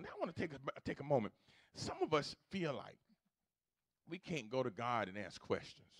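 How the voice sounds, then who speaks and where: A man preaching a sermon as pastor, moving from quiet storytelling to loud, repetitive exhortation. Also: on the high side, lively intonation, moderate pace, vocal fry, no echo, clean studio sound. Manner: swings from hushed storytelling to loud preaching, repeats phrases. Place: church sanctuary.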